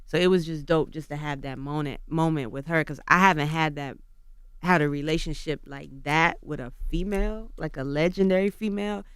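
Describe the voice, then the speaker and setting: A woman rapper, guesting on a radio morning show in the studio, chats casually and tells stories in laid-back slang. Her smooth voice sits low and moves fairly quickly. The recording is studio quality with no room sound.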